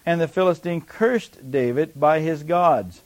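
A man's voice: on the high side, measured pace, no echo. A man preaching a sermon, reading scripture aloud and speaking with rising intensity.

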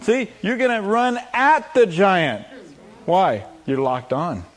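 A man's voice: high voice, big pitch swings, slow. A man preaching a sermon, acting out prayers and quotes and laughing often as he teaches.

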